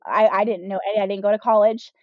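A woman's voice: medium pitch, steady tone, fast talker, no room sound. A woman in her thirties, a podcast guest, telling her personal story candidly, with lots of "like" and "um". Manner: candid, with frequent "like" and "um" fillers. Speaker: podcast guest, business owner. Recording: dull, slightly lo-fi sound.

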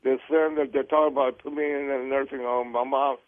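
A man calling in to a radio show, talking haltingly and repeating himself. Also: medium pitch, fairly even intonation, dry recording. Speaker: caller. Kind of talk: phone call to a radio show. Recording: tinny phone line.

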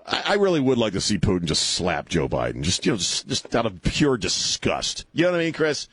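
A man's voice: lowish voice, wildly swooping pitch, brisk, fairly bright tone, breathy edge, no echo. A male talk radio host ranting and mocking on a call-in show, laughing at his own jokes. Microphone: studio microphone.

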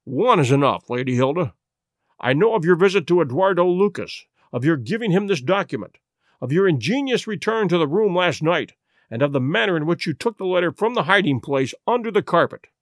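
Sherlock Holmes, read by a man, calm and commanding. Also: fairly high pitch, a little fast, dry recording, clean studio sound, natural voice. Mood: firm. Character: cool, commanding male detective.

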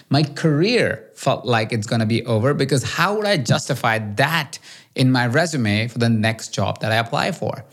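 A man from India, hosting a solo podcast and telling a self-mocking personal story with lively swings in pitch. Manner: animated, self-mocking, quick shifts in pitch. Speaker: podcast host.

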